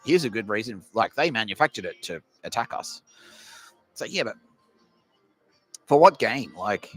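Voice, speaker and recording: An Australian man hosting a podcast launches into a crude, rambling comedy rant packed with swearing. His voice is lowish, sharp and husky.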